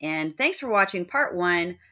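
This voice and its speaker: A woman's voice: lowish voice, expressive, a little slow, bright, forceful tone. Woman giving a recorded lecture. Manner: reads verse examples aloud in sing-song rhythm; plain explanatory delivery. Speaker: teacher.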